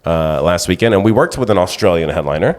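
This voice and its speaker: Animated rambling comedian guy. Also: deep voice, fast talker. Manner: animated, rambling, lots of "you know what I mean". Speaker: podcast co-host, comedian. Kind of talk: casual banter.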